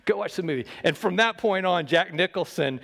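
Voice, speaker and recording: A man preaching a sermon, shifting between loud emphasis and hushed low lines and asking the congregation questions. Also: lively intonation, fairly quick, vocal fry, long reverb tail. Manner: talks with the congregation, asks them questions. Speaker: pastor.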